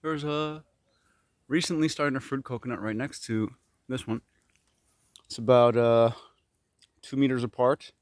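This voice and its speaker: A man from Korea vlogging as he clears his fruit garden outdoors, musing in rambling asides and talking while chewing. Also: medium pitch, steady tone, unhurried, pauses often, dry recording. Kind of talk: casual walk-and-talk vlog. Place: outdoors in an overgrown tropical garden.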